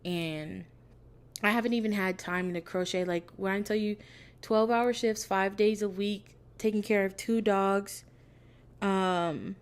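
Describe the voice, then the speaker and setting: A woman's voice: mid-range voice, fairly even intonation, measured pace. A young woman vlogger in casual, candid chat, a little out of breath, laughing now and then. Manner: chatty and candid, laughing often. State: a bit out of breath. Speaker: crochet vlogger.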